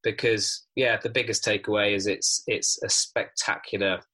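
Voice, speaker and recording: A man's voice: fairly low pitch, fairly even intonation, moderate pace, pushed and bright, breathy edge, rough recording. A man co-hosting a casual film review podcast, chatty and prone to restarts. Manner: chatty, with frequent restarts and filler. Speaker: podcast co-host.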